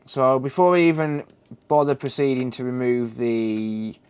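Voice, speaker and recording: A man's voice: medium pitch, fairly even intonation, measured pace, darkish tone, clear, resonant tone. A man chatting casually and joking with his live chat while repairing a console, swearing freely.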